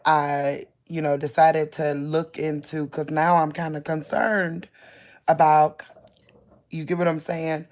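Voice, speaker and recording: Woman vlogger, casual phone rant, slow, rambling, incredulous, many restarts. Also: low-pitched, flat delivery, darkish tone. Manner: rambling, incredulous, repeats herself, restarts often; talks lying down. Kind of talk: casual late-night rant to viewers.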